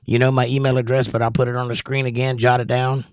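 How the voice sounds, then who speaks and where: A man's voice: mid-range voice, flat delivery, fast, smooth, dry recording, clean studio sound. A man hosting a casual livestream, reading viewer comments aloud and rambling between them. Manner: chatty, rambling, reads chat aloud. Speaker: livestream host.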